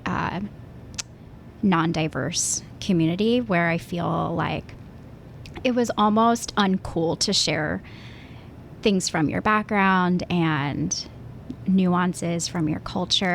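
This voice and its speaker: Gravelly-voiced woman guest from Pennsylvania. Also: fairly low pitch, a little hiss or hum. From Pennsylvania, USA. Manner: thoughtful, with many fillers and restarts. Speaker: interview guest, musical theater actress. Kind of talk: casual interview chat.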